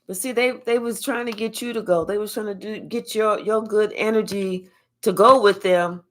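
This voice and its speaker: A woman talking casually to camera as a tarot reader, swearing freely and leaning hard on drawn-out phrases. Her voice sits at an ordinary middle pitch, and her delivery swings between loud bursts and murmured asides. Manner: profane, animated, drawn-out emphatic phrases. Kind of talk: casual spiritual reading to camera.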